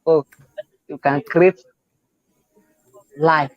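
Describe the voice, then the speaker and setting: A high-pitched Nigerian man hosts the chat, gushing and repeating himself as he slips into pidgin. The recording is dull and dry, with no room sound. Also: fairly even intonation, very slow, dry recording. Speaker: interview host. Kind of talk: casual interview chat.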